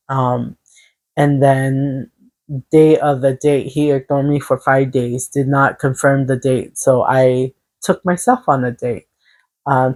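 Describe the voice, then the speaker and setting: Woman doing a chatty tarot reading, pretty low voice, rambly and stop-start but earnest. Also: darkish tone. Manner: rambling and halting, with many restarts and fillers; earnest, encouraging self-help tone. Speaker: tarot reader. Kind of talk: casual spoken tarot reading.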